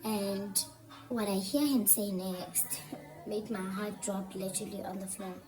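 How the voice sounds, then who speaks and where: A woman telling a dramatic story in a casual, animated way with fillers, over background music. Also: mid-range voice, a little slow, poor audio. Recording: clear music bed behind voice.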